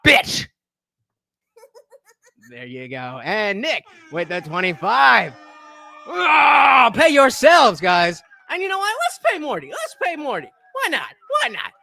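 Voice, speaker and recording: A man live streaming, chatting casually with his audience, hyped and shouty, profane, dropping to mumbled asides. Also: sits high, creaky, dry recording, clean studio sound.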